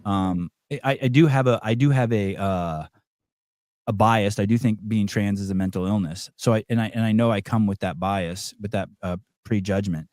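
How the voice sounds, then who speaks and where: A man's voice: lowish voice, normal speed, darkish tone, no room sound. A middle-aged man chats on a podcast in a rambling, unfiltered way. He restarts sentences often and drops in swear words. The sound is dry and close. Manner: rambling, many restarts and fillers, blunt and profane. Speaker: podcast host. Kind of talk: casual chat.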